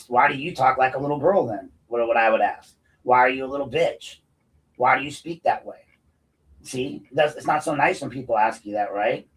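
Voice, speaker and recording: A man's voice: mid-range voice, far from the mic, poor audio. Profane, combative man ranting off-mic. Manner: profane, combative, gets loud and heated. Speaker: podcast host. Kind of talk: unscripted ranting monologue.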